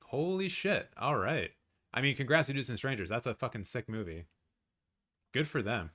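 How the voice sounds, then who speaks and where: A man hosting a live watch-along stream, chatting casually with his viewers, swearing often and reacting loudly. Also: medium pitch, moderate pace. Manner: excitable, swears a lot, talks to chat.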